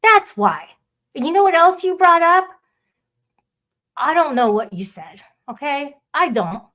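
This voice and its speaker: A woman's voice: sits high, very animated, unhurried, fairly bright tone. A woman hosting a casual livestream, rambling and swearing as she talks back to her viewers' chat. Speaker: livestream host.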